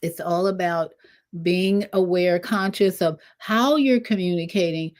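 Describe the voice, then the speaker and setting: An older woman hosting a casual spiritual livestream, rambling with animated asides. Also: on the low side, unhurried. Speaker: livestream host.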